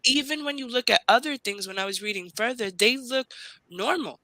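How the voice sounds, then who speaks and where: A woman from Brooklyn, a podcast guest telling stories in animated, casual chat. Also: a little high, a little fast, no echo, poor audio. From Brooklyn, New York. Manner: animated, storytelling, laughs loudly.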